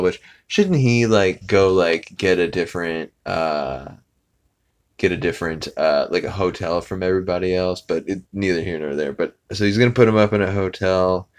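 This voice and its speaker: A man's voice: deep voice, moderate pace. A man hosting a podcast who casually recaps a cartoon episode, rambling with lots of fillers and swearing. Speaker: podcast host.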